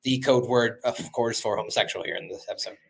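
A man's voice: medium pitch, quick pace, creaky. A man hosting a podcast, animatedly retelling a cartoon episode in a loose, casual chat with lots of fillers. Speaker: podcast host.

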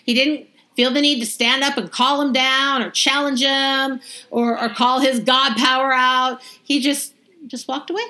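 A woman reading scripture aloud and then explaining it in a lively, conversational way, as a Bible study teacher. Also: sits high, unhurried. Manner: lively, conversational, acts out the crowd's reactions.

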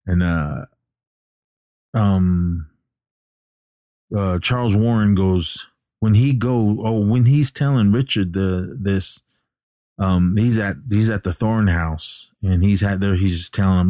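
A man casually recapping a film plot as a podcast host, halting with many fillers and restarts. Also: sits low, steady tone, dark tone, no room sound, clean studio sound.

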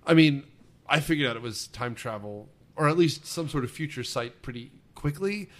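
A man's voice: medium pitch, fairly bright tone. A man co-hosting a casual movie podcast, rambling and joking as he recaps a film. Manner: rambling, jokey, quick to quote lines in funny voices. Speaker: podcast co-host. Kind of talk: casual movie-review banter.

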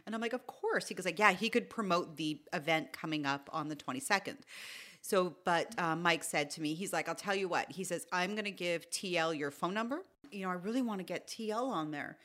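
A middle-aged woman co-hosting a podcast, telling a story in casual chat and acting out the quoted lines with lively energy. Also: on the low side, fairly quick. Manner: animated, acts out quoted dialogue. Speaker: podcast co-host.

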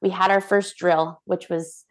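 A young woman, a former cruise ship dancer, telling stories as a guest in a casual interview, bubbly and animated, acting out the voices of people she quotes. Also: fairly low pitch, measured pace.

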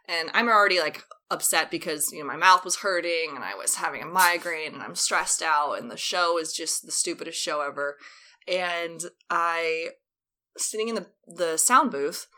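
A woman's voice: lowish voice, moderate pace, sharp tone. A young woman telling a long personal story in casual chat, rambling with many fillers. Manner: rambling anecdote full of fillers, acts out quotes.

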